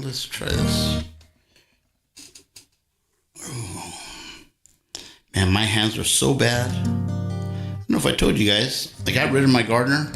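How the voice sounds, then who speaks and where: Older male streamer, gravelly folksy storyteller, echoey room with guitar behind. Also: lowish voice, fairly bright tone. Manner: folksy storyteller, rambling anecdotes. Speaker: livestream host and guitarist. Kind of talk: casual livestream chat.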